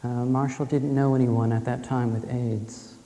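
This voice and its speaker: A man telling a personal story in a calm, reflective way before an audience. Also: mid-range voice, unhurried. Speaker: speaker. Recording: echoey hall with faint ambience.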